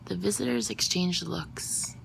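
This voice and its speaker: A woman reading a first-person novel aloud into a phone, her narration soft and often half-whispered. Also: lowish voice, a little slow, vocal fry, slight background noise. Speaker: audiobook reader.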